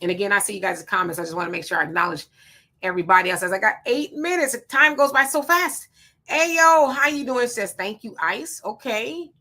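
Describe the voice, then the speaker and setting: A woman's voice: medium pitch, fairly quick, sharp tone. Chatty woman reading live-stream comments. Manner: chatty, greets commenters by name, reads comments aloud. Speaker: livestream host reading viewer comments.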